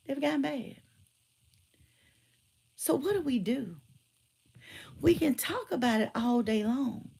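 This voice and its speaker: A middle-aged woman, telling stories and giving emphatic, animated commentary. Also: sits high, gravelly, slightly rough. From Georgia, US. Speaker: motivational speaker and teacher. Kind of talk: casual commentary with storytelling.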